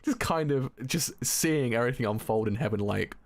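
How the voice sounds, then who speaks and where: A man on a live stream reading a manga aloud and reacting to it, excitable, laughing and swearing, often stumbling over and repeating his words. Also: mid-range voice, normal speed.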